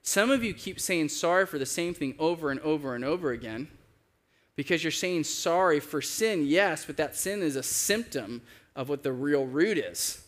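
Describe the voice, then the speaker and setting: Male pastor, fairly high voice, casual sermon delivery with acted-out quotes. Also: animated, normal speed, fairly bright tone. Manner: conversational, acts out quoted voices with big pitch jumps.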